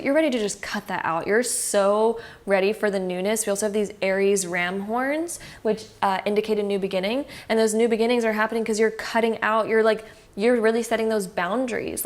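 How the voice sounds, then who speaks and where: A woman reads tarot cards for her viewers in a chatty, reassuring way, often pausing on fillers as she goes. Her voice sits at a middling pitch. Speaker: tarot card reader. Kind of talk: casual tarot reading to camera.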